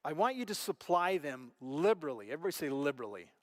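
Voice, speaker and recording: A middle-aged male pastor preaching a sermon, telling stories with animated delivery and acting out voices, dropping to a hush and rising again. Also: on the high side, fast talker, hardly any pauses, in a large hall. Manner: animated storytelling, acts out quoted voices, big swings from loud to hushed. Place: church auditorium.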